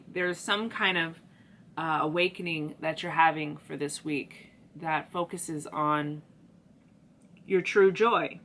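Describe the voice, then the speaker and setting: Woman tarot reader, casual and chatty, speaks to viewers in a low, forceful tone. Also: a little hiss or hum. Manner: chatty and slangy, talks to viewers.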